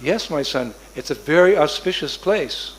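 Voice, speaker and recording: A man voicing a gentle village chief who calmly answers his little son, as part of a storytelling sermon. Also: fairly high pitch, a little hiss or hum, natural voice, low-quality recording. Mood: patient. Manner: slow, patient, soothing.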